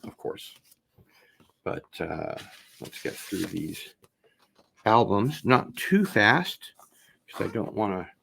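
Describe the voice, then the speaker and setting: A man with a low, gravelly voice full of fry hosts a laid-back unboxing stream. He talks slowly and meanders while opening packages, drawing out his words and chatting to his audience as he goes. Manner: rambling, drawn-out, talks things over while opening packages. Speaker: vinyl record unboxing host. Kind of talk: casual livestream unboxing chat.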